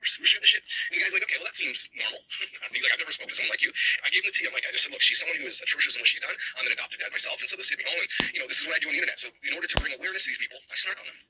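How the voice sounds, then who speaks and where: A man's voice: fairly high pitch, racing, noisy background. A man telling a story on his podcast and acting out both sides of the conversation. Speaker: podcast host and commentary creator.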